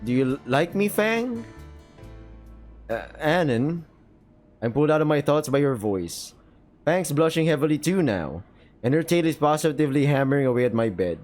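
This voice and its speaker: A fairly high-voiced man reads a dating-sim script aloud and keeps jumping in with his own reactions. He gets loud and giddy at the tense moments, swears freely, and rattles off asides to his viewers, with faint guitar music playing behind him. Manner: excitable, swears a lot, breaks into laughter and rapid asides. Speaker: gaming video creator. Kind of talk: reading a visual novel aloud with live reactions.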